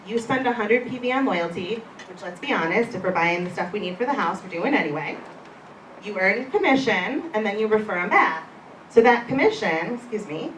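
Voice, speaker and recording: A woman giving a live seminar talk to an audience, chatty and conversational with self-deprecating asides. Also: medium pitch. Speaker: presenter at a wellness event. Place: event room before an audience. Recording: echoey room, distant mic, background noise.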